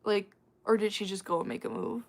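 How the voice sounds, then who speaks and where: A woman hosting a casual livestream, chatting with her viewers, laughing often and tossing out quick asides. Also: medium pitch, steady tone. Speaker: livestream host answering chat.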